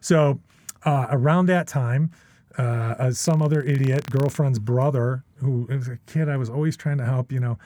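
A man's voice: mid-range voice, steady tone, moderate pace, warm tone, no room sound. A middle-aged man telling stories as a podcast guest. He rambles and restarts a lot, tags his sentences with questions, and swears often. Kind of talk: casual storytelling.

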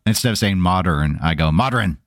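Lively low-voiced Midwestern man chatting. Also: fairly quick, no room sound, clean studio sound. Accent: Midwestern American. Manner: chatty, self-deprecating, rambling with restarts. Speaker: podcast co-host. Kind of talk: casual chat.

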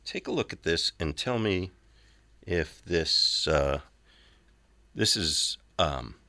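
A man's voice: deep voice, animated, slow pace, gravelly, pushed and bright. A man hosting a radio show, chatting casually with a guest in an easygoing way, with frequent fillers. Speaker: radio host. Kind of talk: casual on-air chat.

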